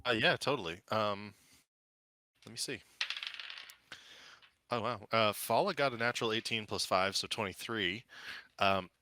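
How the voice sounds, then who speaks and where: A man's voice: fairly low pitch, pushed and bright, no room sound. A man narrating as game master in a casual, loose way, with many fillers.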